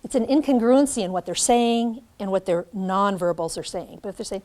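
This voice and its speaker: A middle-aged woman giving a classroom lecture to student teachers, animated, acting out examples as she speaks. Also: mid-range voice, brisk. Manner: animated, demonstrates by acting out lines. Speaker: teacher educator.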